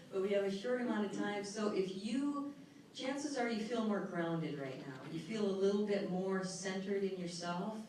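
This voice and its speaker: A middle-aged woman speaks at a live workshop, her voice soothing as she guides a breathing exercise and emphatic as she teaches. The sound is very echoey and picked up from a distance in a large hall. A faint noise runs underneath. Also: mid-range voice. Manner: soothing, guiding, then lively and emphatic.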